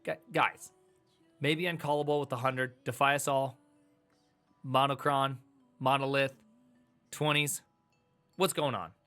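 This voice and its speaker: A man's voice: medium pitch, measured pace, pauses often, soft background music. A man chatting casually on a live stream as he reads tech articles, rambling and joking with his chat. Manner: animated, jokey, rambling asides to chat.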